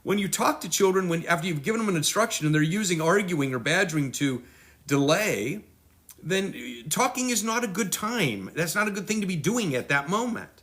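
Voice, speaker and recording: Lively man teaching parenting. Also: high-pitched. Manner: animated, acts out children and parents in quick voices. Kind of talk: teaching talk.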